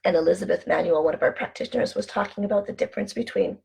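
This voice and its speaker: A woman hosting a casual motivational vlog from home, chatty and animated as she tells anecdotes. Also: medium pitch, racing, vocal fry, slightly rough. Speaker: online show host.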